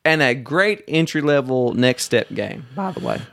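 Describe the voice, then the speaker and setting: Animated podcast man, dry sound. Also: medium pitch, moderate pace, gravelly, no echo. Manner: animated, laughs often, teasing. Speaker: podcast co-host. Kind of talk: casual banter about board games.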